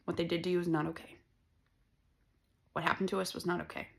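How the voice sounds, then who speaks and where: A woman's voice: on the low side, level tone, fast talker, vocal fry, a bit bright. A woman giving a casual tarot reading, talking bluntly and profanely in a rambling, conversational way. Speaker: tarot reader.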